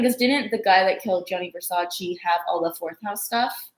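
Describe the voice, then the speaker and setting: A woman's voice: lowish voice, moderate pace. A woman astrologer co-hosting a live stream, rambling and teasing in casual talk. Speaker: astrologer co-host. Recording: echoey room.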